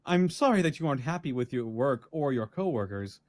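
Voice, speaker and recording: A gentle, loving lady who writes advice letters, voiced by a man. Her reading is earnest and lilting, with lively pitch that rises and falls. The sound is dry and close. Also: brisk, no echo, close to an everyday voice. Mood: caring.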